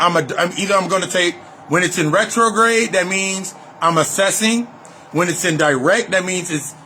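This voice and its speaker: This man, a spiritual reader and life coach, talks casually and profanely about spiritual matters, stringing together run-on sentences and repeating phrases for emphasis in a freewheeling monologue. Slight background noise sits under his high, bright, forceful voice.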